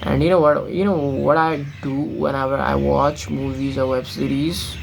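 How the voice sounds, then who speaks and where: This casual vlog features a young man from Nepal talking to camera in English with a film-learned, American-influenced accent, rambling, blunt, and full of fillers. He speaks at normal speed in a steady, medium-pitched, creaky voice. A bit of hiss or hum runs through the poor-quality recording.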